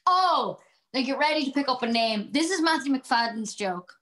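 In a casual interview, a guest actress from Ireland talks about comedy in a chatty, exuberant way, spinning out a long joke. She sits high in pitch, sounds expressive and a bit bright, and speaks at a moderate pace on a rough recording.

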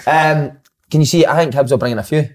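A man's voice: fairly high pitch, fast. A man and former player in a casual football chat, swearing freely and tagging his points with questions. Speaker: podcast panelist, former player.

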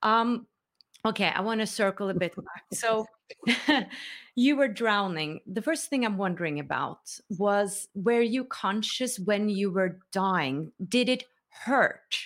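A woman hosting a podcast interview, sounding touched and asking gentle follow-up questions. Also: medium pitch, slow pace. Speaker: podcast host.

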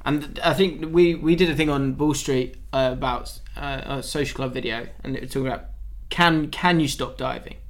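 A man hosting a casual football podcast, telling stories and acting out quotes with lively energy. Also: medium pitch, moderate pace, few pauses. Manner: animated storyteller, acts out quotes. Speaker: podcast host.

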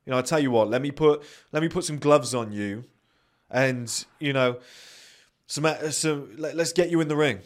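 A man's voice: medium pitch, moderate pace. A man hosting a podcast, talking in a blunt, profane, ranting monologue. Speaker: podcast host.

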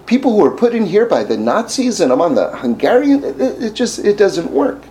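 A man's voice: high voice, big pitch swings, moderate pace, dark tone, voice pushed up. A man putting on an emphatic, blunt war officer. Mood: refusing. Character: male officer newly home from war, blunt.

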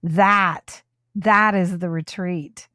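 A woman's voice: fairly low pitch, steady tone, very slow, bright, forceful tone, no room sound, clean studio sound. A woman hosting a podcast, chatting with her co-host in an effusive, enthusiastic way. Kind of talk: casual podcast chat.

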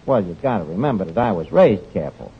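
A man's voice: fairly low pitch, very animated, fast. A man playing a brash, pompous New tavern manager who mangles big words in a 1940s radio comedy. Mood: cheeky. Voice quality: malapropisms, wisecracking. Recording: dull, noisy 1940s radio broadcast.

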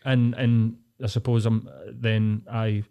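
A man's voice: lowish voice, flat delivery, slow, dark tone, clear, resonant tone. A man hosting a podcast, talking bluntly and swearing a lot as he rants in casual chat. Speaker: podcast host.

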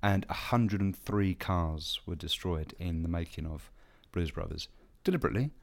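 Deep-voiced man co-hosting a podcast. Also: normal speed, gravelly. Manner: enthusiastic, storytelling. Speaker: podcast co-host. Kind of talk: casual chat.

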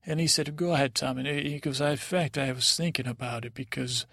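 A dreamy, easily confused young prince, played by a man drifts through a rambling sleep-story monologue. His voice is deeply gravelly and sits in a middle pitch. He halts and restarts constantly, and the sound is close and dry. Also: fairly even intonation, a bit bright, dry recording. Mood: wistful. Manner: halting and rambling, full of restarts and retold dialogue. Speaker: podcast host.

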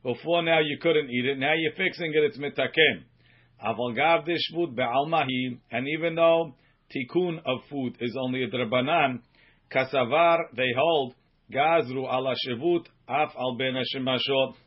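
Rabbi guy teaching talmud, reads the aramaic slow then explains fast in english, muffled lo-fi sound. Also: mid-range voice. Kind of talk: Talmud study lesson reading and translating. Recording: muffled lo-fi recording.

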